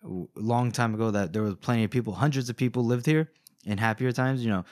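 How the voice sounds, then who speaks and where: A young man co-hosts a podcast and recaps a book in a relaxed, chatty way. His voice is mid-pitched. The recording sounds dry and close. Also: fast talker, dry recording. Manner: relaxed storytelling recap, laughing often. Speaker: podcast co-host. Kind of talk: casual book discussion.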